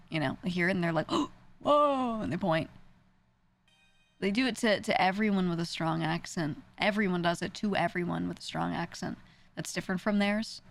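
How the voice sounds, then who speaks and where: A woman's voice: on the low side, creaky. A young woman with a New York accent, a streamer ranting in casual chat, full of "like" and swearing.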